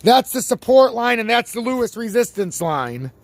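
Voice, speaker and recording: A man's voice: very high voice, moderate pace, creaky, no room sound. A man hosting his own crypto chart channel, ranting with plenty of swearing and sports comparisons, his voice worn out. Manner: ranting, swears freely, animated sports analogies. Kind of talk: casual profane market commentary.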